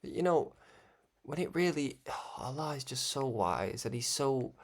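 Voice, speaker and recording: A man's voice: medium pitch, unhurried. Rambling young man in casual monologue. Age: young adult. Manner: rambling, animated, often laughing. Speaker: host of a religious broadcast.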